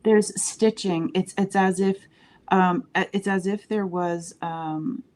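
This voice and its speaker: A woman on a live stream giving an intuitive reading, searching for her words with many pauses and fillers. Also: lowish voice, steady tone, a little mellow.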